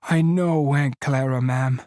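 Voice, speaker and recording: A man's voice: medium pitch, steady tone, slow pace, darkish tone, dry recording, clean studio sound, close to an everyday voice. Man doing a frightened childlike farmhand. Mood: miserable. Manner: pleading, childlike rural drawl. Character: simple-minded giant farmhand, childlike and fearful.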